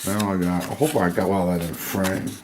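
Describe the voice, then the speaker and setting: A man's voice: deep voice, noisy background. A man giving a casual hands-on tutorial, thinking aloud as he cuts and pins. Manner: slow, relaxed, thinking aloud while cutting and pinning. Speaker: handbag-making instructor.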